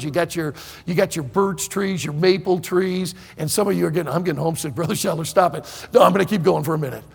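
Folksy preacher guy from northern michigan, kinda high voice, gravelly, gets shouty telling stories. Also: long reverb tail. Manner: folksy and animated, shouting in excitement. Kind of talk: storytelling sermon.

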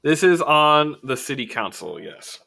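A man's voice: a little high, sing-song, a little slow, creaky, bright, forceful tone. A man narrating as game master in a casual, filler-heavy way.

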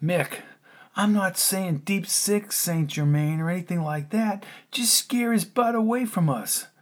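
A man voicing a tough, protective middle-aged uncle in an audiobook, gruff and blunt, given to cursing. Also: high voice, unhurried, pitched above the performer's own voice. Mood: insistent. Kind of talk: audiobook character reading.

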